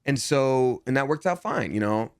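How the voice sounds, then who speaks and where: A young man with a mid-pitched voice tells stories in a lively, animated way, often jumping up in pitch to act out what people said. The sound is close and dry, with no room echo. It is a relaxed interview chat. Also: moderate pace, smooth. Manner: animated storyteller, acts out quotes, jumps in pitch. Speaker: guest, voice actor.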